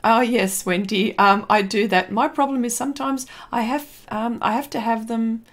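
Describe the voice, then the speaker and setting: A woman's voice: a little high, normal speed. An Australian woman live streaming her drawing, chatting casually, reading viewer comments aloud and laughing often. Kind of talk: casual chat while drawing.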